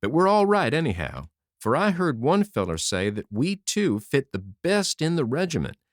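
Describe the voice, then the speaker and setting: A man's voice: fairly high pitch, big pitch swings, normal speed, no room sound, studio quality, voice pushed up. A man doing an indignant young soldier. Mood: boastful. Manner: indignant, folksy slang. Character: aggrieved young male soldier, hot-tempered.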